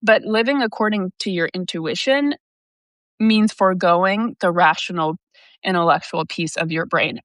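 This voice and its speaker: A woman's voice: medium pitch, a bit bright, dry recording. A young woman who works as an intuitive reader, talking casually and at length to her audience, rambling, swearing and using lots of fillers. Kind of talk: casual monologue to camera.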